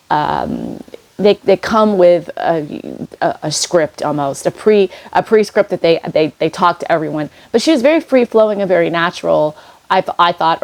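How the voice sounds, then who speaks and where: A woman's voice: medium pitch, a little mellow. A woman vlogger talking casually about spiritual growth, rambling with many fillers and restarts. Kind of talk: casual inspirational monologue.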